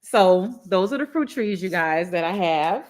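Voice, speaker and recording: A woman with a Southern US accent hosting a casual gardening livestream, warm and effusive, repeating her thanks. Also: fairly low pitch, animated, a little slow. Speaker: gardening channel host.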